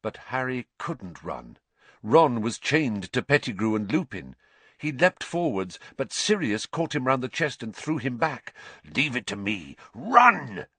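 A man narrating a story aloud, expressive and dramatic, rising with the action. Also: mid-range voice, unhurried, breathy edge, dry recording. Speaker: audiobook narrator.

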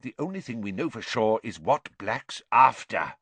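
A worried, insistent middle-aged father, as a man reading a storybook aloud puts him on, pressing each point urgently and emphatically. His voice is bright and husky, leaping up and down in pitch, recorded close and dry. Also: very animated, normal speed, dry recording, heavily acted. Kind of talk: audiobook reading.

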